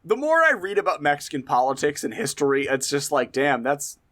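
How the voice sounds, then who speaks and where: A man's voice: fairly high pitch, big pitch swings, fairly bright tone. A man co-hosting a comedy history podcast, telling a story casually with lots of swearing and laughter. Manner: profane, laughing, slow drawling emphasis. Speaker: podcast co-host.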